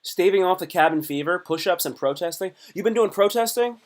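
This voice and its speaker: A man comedian chatting on a live stream in a rambling way, repeating himself and swinging between loud bursts and low mutters. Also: animated. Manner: slips into quick put-on voices. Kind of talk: casual live-stream chat.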